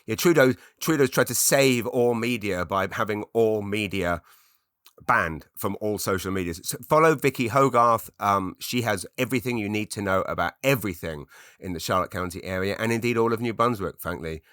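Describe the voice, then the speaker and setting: A man's voice: on the low side, normal speed, fairly bright tone, clean tone, no echo, studio quality. A middle-aged man from England, hosting his own podcast in a chatty, rambling, self-deprecating way with many restarts. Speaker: podcast host. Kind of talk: rambling solo podcast monologue.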